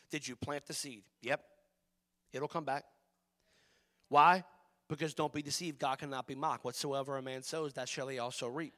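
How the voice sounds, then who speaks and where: A man preaching a sermon as pastor, passionate, swinging between loud emphatic lines and hushed ones. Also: mid-range voice, fairly even intonation, moderate pace, pauses often.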